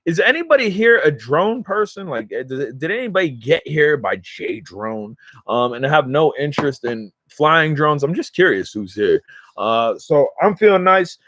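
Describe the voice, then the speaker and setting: A man's voice: fairly high pitch, big pitch swings, normal speed, fairly bright tone, no room sound. A man with a New York or New Jersey accent, chatting casually to livestream viewers from his recliner at home, rambling and slangy and easily sidetracked. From New York or New Jersey area. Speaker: smoking vlogger and livestream host.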